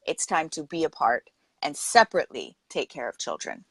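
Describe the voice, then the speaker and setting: Speaking at normal speed in a low, husky voice, a middle-aged woman podcast host conducts a casual interview. The low-quality recording has no echo, and she earnestly makes her points with vivid metaphors while quoting her own words.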